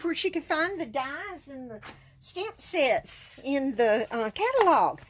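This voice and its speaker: A woman's voice: high-pitched, sing-song, takes it slowly, slight background noise. A woman, chatting through a live card-making demonstration, enthusiastic and laughing often. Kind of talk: casual live stream demonstration.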